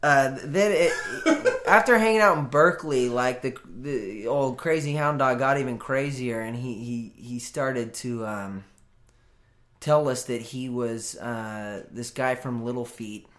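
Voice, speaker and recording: A man's voice: medium pitch, measured pace, a bit bright, reverberant. A man from California chatting casually as a guest, hesitant with frequent restarts and easy laughs. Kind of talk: casual chat.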